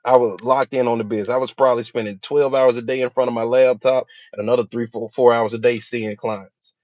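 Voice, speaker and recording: A mid-pitched man speaks as a hypnotherapist, in a casual, story-driven motivational talk full of acted-out quotes. The sound is dry and close, with a slightly dull, lo-fi tone. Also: fairly even intonation, brisk, a little mellow, no echo.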